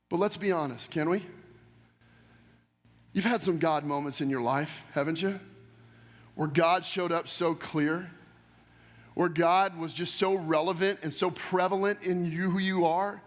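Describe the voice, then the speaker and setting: High-voiced pastor preaching in a reverberant hall. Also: male voice, a little slow, long pauses, fairly bright tone. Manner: conversational preaching with asides and rhetorical questions. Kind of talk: sermon. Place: church sanctuary. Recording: long reverb of a church hall.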